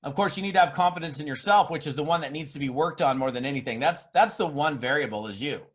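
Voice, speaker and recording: High-voiced emphatic man giving a seminar. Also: quick pace, fairly bright tone, slightly rough. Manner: emphatic, with mocking put-on voices. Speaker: network marketing speaker. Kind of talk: motivational seminar talk.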